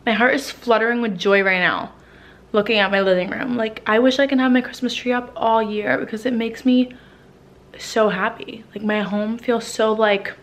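A young lifestyle vlogger from New Jersey talks casually in her home living room, a bit out of breath, emotional, with plenty of "like" fillers and swearing. Her voice is on the high side, fairly even in intonation, at a moderate pace.

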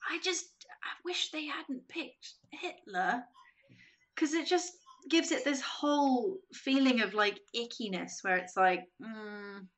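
A woman's voice: a little high, takes it slowly. A woman guest on a podcast telling a story in casual chat, acting out the quotes and saying "like" a lot. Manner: animated, acts out quotes, frequent "like". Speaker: podcast guest, games writer.

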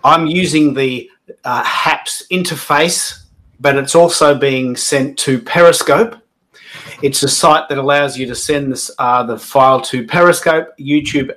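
A man's voice: mid-range voice, fairly bright tone. An Australian man hosting a live stream, chatty and upbeat, rambling with frequent restarts as he welcomes guests. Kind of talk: casual live stream chat.

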